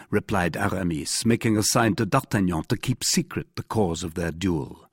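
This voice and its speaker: A man narrating an adventure novel as an audiobook in an expressive storytelling manner. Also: deep voice, normal speed, few pauses, breathy edge, dry recording, studio quality. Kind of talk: scripted narration.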